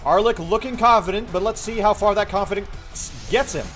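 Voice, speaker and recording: A man putting on the voice of an excited male sports announcer, giving dramatic mock play-by-play over a game. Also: fairly quick. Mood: hyped. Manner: booming, dramatic play-by-play hype. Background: faint background music.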